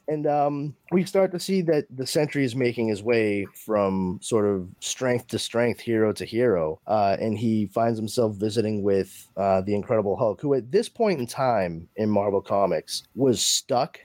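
A man on a podcast rambles through a story recap, stopping to act out quotes. His voice is low and mellow. The close mic is dry. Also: normal speed, hardly any pauses, no echo. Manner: rambling recap, lots of fillers and acted-out quotes. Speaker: podcast host. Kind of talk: casual chat.

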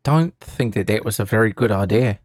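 A man's voice: lowish voice, animated, brisk, dry recording, studio quality. A man acting as co-host and color commentator, rambling with lots of fillers and offering blunt ideas.

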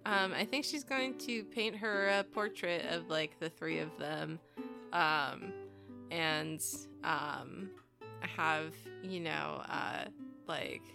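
Slow, hesitant woman with a gravelly voice. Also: sits low, music in the background. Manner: slow, hesitant with many fillers. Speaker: tabletop game player. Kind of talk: casual tabletop role-play.

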